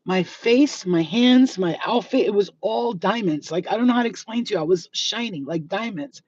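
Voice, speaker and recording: A woman with a medium-pitched, husky, slightly mellow voice talks animatedly at normal speed, with no echo, on distant, dull lo-fi phone audio. She's a spiritual vlogger in her car, telling a story on a casual live stream with chatty fillers and swearing.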